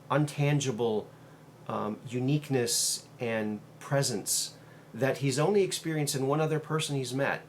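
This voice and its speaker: On his own show, a host with a medium-pitched voice recounts a story in a loose, wandering monologue. His halting delivery is full of um and uh fillers, with a little background noise audible.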